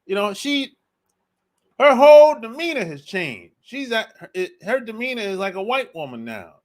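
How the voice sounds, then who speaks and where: A man's voice: high voice, sing-song, normal speed. A man hosting a dating channel, giving a casual, blunt, slangy opinion monologue and repeating his points.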